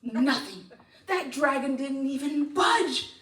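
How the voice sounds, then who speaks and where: A woman storyteller telling a tale live to an audience, animated and playful, heard in a hall from a distant mic. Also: high voice, slow.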